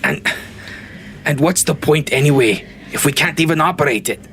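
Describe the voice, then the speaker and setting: A man voicing a gruff, stubborn but protective male dwarf fighter in a tabletop game. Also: a little high, normal speed, fairly bright tone, slight background noise, close to an everyday voice. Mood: gentle. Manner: gruff, calls people lass.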